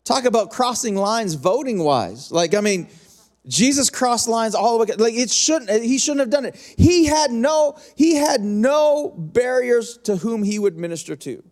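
High-voiced man preaching a sermon. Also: expressive, a little mellow. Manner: conversational preaching, repetitive phrasing, stretches key lines slowly. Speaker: pastor.

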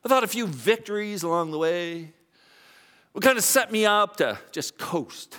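Male pastor, 50s, sermon delivery, slightly high voice with a very lively, swinging pitch. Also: normal speed, smooth. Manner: animated preaching, swings between soft confessional lows and raised emphatic highs. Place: church sanctuary.

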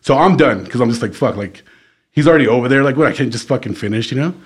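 A man in mid-range pitch tells a rowdy story on a casual podcast, swearing freely and checking in with "right?" after nearly every beat. His delivery is loose and animated, like one friend talking to another. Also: fast, slightly rough. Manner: profane, animated storyteller, keeps asking "right?". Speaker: podcast co-host; former band vocalist.

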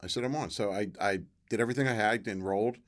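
A middle-aged man with a low voice tells a long personal story in a relaxed interview. He slips into the voices of the people he quotes and jumps up in pitch when he gets excited. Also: fast. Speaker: guest, former football player.

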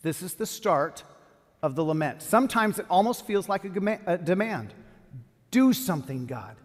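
A pastor preaching a sermon and reading scripture aloud with feeling. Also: male voice, high voice, moderate pace. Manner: expressive, reads scripture with feeling. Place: church hall. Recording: long hall reverb.

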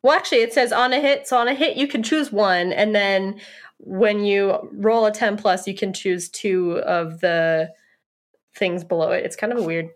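Woman player, chatty and quick to laugh, mid pitch. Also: steady tone. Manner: chatty, explaining, giggly. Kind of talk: tabletop game play.

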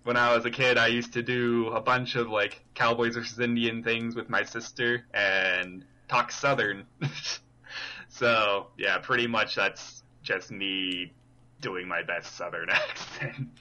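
A man's voice: mid-range voice, fairly even intonation, a little slow, bright, forceful tone. A man in casual podcast chat, easygoing and loose with fillers.

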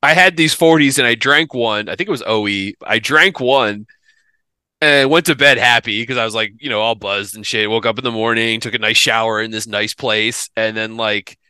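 A man's voice: fairly low pitch, normal speed, pushed and bright, clean tone, dry recording. A man in his thirties from the Philadelphia area, telling a profane comic story on a podcast and laughing often. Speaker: podcast host. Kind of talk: casual comedic storytelling.

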